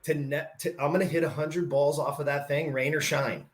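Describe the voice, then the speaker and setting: A middle-aged man hosting a podcast, telling a personal story in a lively conversational way, acting out the dialogue and often asking "right?". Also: a little high, a little fast. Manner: animated, acts out quoted dialogue, says "right?" often. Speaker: podcast host.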